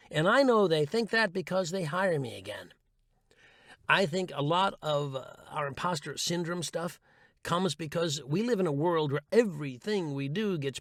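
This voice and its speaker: A man's voice: a little high, a bit bright, no room sound, clean studio sound. A man reading his own essay aloud in a wry, sarcastic, playful way, as an audiobook narrator and voice coach.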